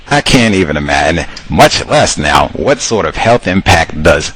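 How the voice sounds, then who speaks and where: A man with a lowish voice hosts a loose, animated commentary monologue. He talks straight at his audience, calls them cousins, and slips into higher voices to act out the people he quotes. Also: moderate pace, few pauses, slightly rough, poor audio. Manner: addresses listeners as cousins. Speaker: host.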